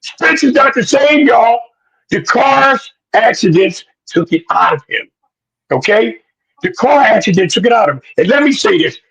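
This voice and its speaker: A man co-hosting a boxing podcast, loud and preachy, full of slang, sometimes shouting. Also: very high-pitched, big pitch swings, normal speed, creaky, breathy edge, poor audio. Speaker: podcast co-host. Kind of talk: animated boxing talk.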